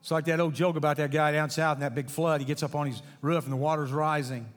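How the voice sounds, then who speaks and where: A middle-aged pastor preaches a folksy sermon in a church sanctuary, weaving jokes in with scripture. His fairly high voice runs a little fast with hardly any pauses, and the room has a long hall reverb.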